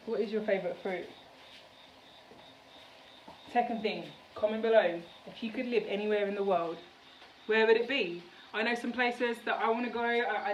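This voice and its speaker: A woman's voice: a little high, lo-fi sound, a little hiss or hum. Chatty woman in a roomy kitchen. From United Kingdom. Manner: chatty and rambling, many fillers. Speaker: vlogger. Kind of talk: casual cooking vlog chat. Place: home kitchen. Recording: roomy kitchen, mic at a distance, faint background.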